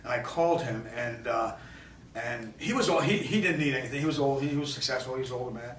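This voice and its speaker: A man, a film director from New York, telling a rambling, animated story in an interview at a film festival, with many restarts. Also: mid-range voice, fast, a little hiss or hum. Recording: echoey, distant mic with faint ambience.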